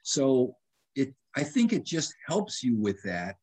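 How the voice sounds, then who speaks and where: A husky man in his seventies, guesting as a doctor in a casual interview, speaks slowly in a mid-range voice. He tells lively stories, restarts sentences, and quotes himself along the way.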